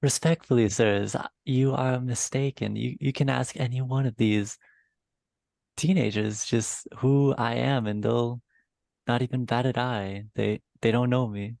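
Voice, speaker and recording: A man voicing a polite, formal young gentleman who speaks courteously in an online tabletop game. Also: medium pitch, steady tone, measured pace, gravelly, dry recording, studio quality. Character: polite well-spoken young man, denying being royalty.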